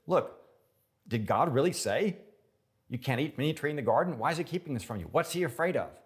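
A man's voice: mid-range voice, expressive, fairly quick, pitched above the performer's own voice, lightly acted. A man voicing the devil as a sly male tempter, needling his listener with mocking questions. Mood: taunting.

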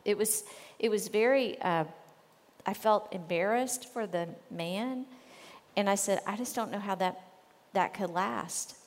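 A woman's voice: mid-range voice, measured pace, big-room sound. A woman co-hosting a casual faith talk on marriage, earnest and conversational, with frequent fillers.

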